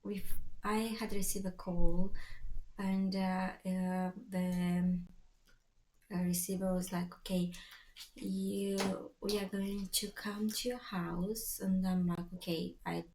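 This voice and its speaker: A woman's voice: medium pitch, level tone, slow pace, darkish tone. A mother telling her family's story in a casual vlog, hesitant, with many fillers and restarts as she quotes what people said. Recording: echoey room, faint background noise.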